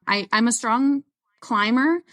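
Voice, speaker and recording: A woman's voice: a little high, takes it slowly, fairly bright tone. A woman who is a guest on an interview show, telling stories in a chatty way and laughing often. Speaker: guest ultrarunner. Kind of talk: casual interview chat.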